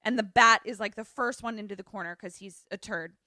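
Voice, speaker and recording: Young woman gushing through a movie plot on a podcast, bright voice, dry close mic, pops into silly character voices. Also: medium pitch, no room sound. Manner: animated storyteller, acts out characters in quick voices. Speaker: podcast co-host. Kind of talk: casual chat retelling a film plot.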